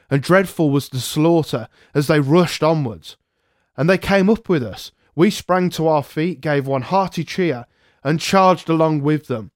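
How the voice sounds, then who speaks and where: A man narrating a historical memoir aloud, in a measured first-person storytelling manner. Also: fairly high pitch, no room sound, clean studio sound. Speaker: podcast narrator.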